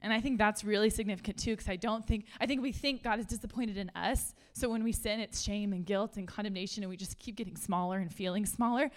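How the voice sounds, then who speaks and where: A woman, preaching a sermon in a conversational, animated way and laughing often. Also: medium pitch, fast, hardly any pauses. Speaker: pastor.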